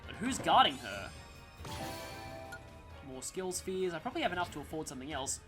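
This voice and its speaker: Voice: medium pitch, sing-song, moderate pace. A gameplay commentator talking casually over a let's-play, rambling through gaming trivia and side stories. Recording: game music playing under voice. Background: game music.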